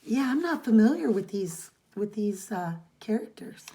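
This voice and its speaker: A woman's voice: medium pitch, animated, normal speed, mellow. A woman co-hosting a podcast, casually recapping a comic's plot in a rambling way. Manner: rambling recap, reads dialogue aloud. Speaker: podcast co-host.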